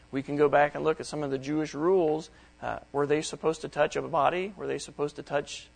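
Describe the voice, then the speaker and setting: A man's voice: on the high side, fairly even intonation, a little fast, creaky, low-quality recording. A middle-aged man preaching a Bible study sermon, reading verses aloud and explaining them plainly. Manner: reads scripture aloud, then explains it in plain words.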